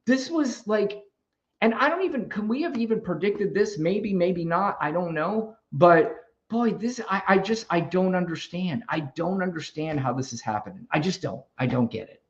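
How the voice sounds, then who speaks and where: Combative, profane livestream host. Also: male voice, sits high, lively intonation, moderate pace. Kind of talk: heated live debate stream. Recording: dull lo-fi stream audio.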